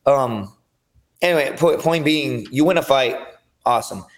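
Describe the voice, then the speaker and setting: A man guesting on a podcast, telling his fighting stories in an energetic, profane, rambling way. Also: medium pitch, a little slow. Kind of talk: casual storytelling chat.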